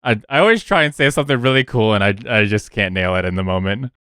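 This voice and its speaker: A man's voice: lowish voice, fast talker, pushed and bright, clear, resonant tone, no echo, studio quality. A man playing a tabletop game, chatting casually and self-deprecatingly. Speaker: player.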